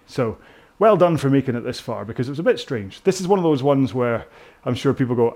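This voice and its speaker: A man's voice: mid-range voice, lively intonation, quick pace, darkish tone. A British man coaching a rowing workout indoors, chatting in a rambling, self-mocking way with jokey asides. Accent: British English.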